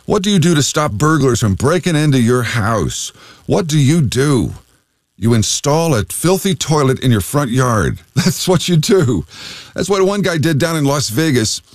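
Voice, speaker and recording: A man's voice: on the high side, animated, moderate pace, no echo. A man hosting a radio show, chatting loosely with plenty of fillers as he asks listeners to call in. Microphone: studio mic.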